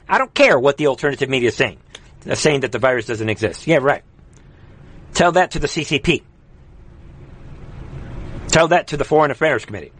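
A man hosting live political commentary in a heated, mocking, rapid ranting manner. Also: medium pitch. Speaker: host.

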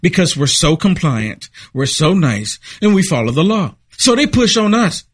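A man's voice: a little high, sing-song, normal speed, breathy edge, no echo, studio quality. A man giving impassioned political commentary in an emphatic, repetitive, preaching way.

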